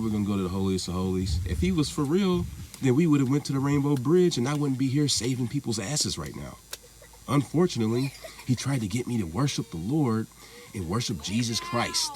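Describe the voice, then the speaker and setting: A man with a lowish voice rambles through a casual vlog monologue. He swears freely and shrugs things off with a loose, offhand delivery. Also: slight background noise. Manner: rambling, profane, laughing it off. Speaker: vlogger.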